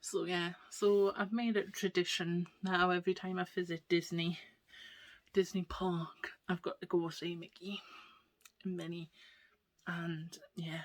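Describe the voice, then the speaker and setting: A woman chatting casually to camera, rambling through stories and dropping into soft whispered asides. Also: lowish voice, level tone, measured pace. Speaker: vlogger. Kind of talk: casual storytelling chat.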